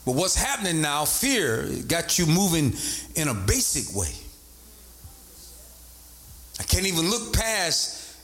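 A man's voice: takes it slowly, long pauses. A man preaching a sermon as bishop, repeating points and rising into sing-song emphasis. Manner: animated, swoops from low to high pitch, sing-song emphasis.

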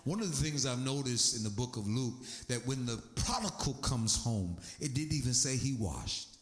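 A man's voice: medium pitch, expressive, moderate pace. A man preaching a sermon as pastor, emphatic, with sweeping swings in his delivery. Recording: echoey room.

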